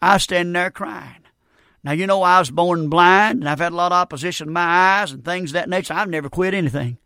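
A preacher with a high, ringing voice delivers a folksy, emphatic sermon. He keeps calling out to the congregation, and the sound is close and dry with no room around it. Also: fast talker, pushed and bright, smooth, no room sound. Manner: folksy, emphatic, calls out "Amen" and "friend". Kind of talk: revival sermon.

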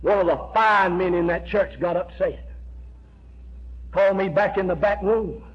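A man preaching a fiery revival sermon, emphatic and repetitive, building to shouts as he tells his story. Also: high voice, fairly even intonation, normal speed. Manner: emphatic, repeats "I tell you" and "amen", rises to shouts. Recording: dull lo-fi recording with faint hiss.

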